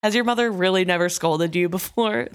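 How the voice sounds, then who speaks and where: A woman with a lowish voice discusses a novel in casual conversation. She sounds exasperated and drops in plenty of fillers. Her pitch sits below most women's. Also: fairly quick, clean tone. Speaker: book discussion co-host. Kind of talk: casual book chat.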